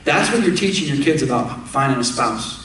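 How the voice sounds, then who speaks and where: A man's voice: medium pitch, animated, fairly quick, a bit bright, far from the mic. Man preaching in a very echoey church. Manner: emphatic, asks the congregation direct questions. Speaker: pastor. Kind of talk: sermon. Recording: echoey room, speaker away from the mic.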